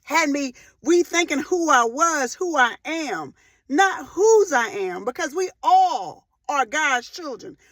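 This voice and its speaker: A woman in her forties delivers a faith-based motivational talk in a high, ringing voice. She speaks with fervent emphasis, hammering home repeated phrases and surging into loud, emotional peaks. The recording is dry and close, with no room echo. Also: expressive, slow pace. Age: 40s. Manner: rises to loud emotional outbursts.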